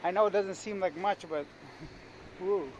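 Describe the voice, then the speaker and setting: A man's voice: sits high, measured pace, dull audio. A young man, chatting casually to viewers as he walks the streets on a handheld camera vlog. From Canada. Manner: chatty, talks straight to viewers and to stray dogs. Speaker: travel vlogger. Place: outdoors on old city streets. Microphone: handheld camera while walking. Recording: outdoor street noise.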